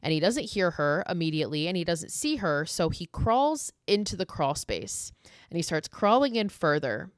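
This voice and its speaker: Casting: woman podcast host, sarcastic and foul-mouthed, lowish voice, dry close sound. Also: very animated, normal speed, dry recording. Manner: profane, sarcastic, storytelling. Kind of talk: casual horror film recap.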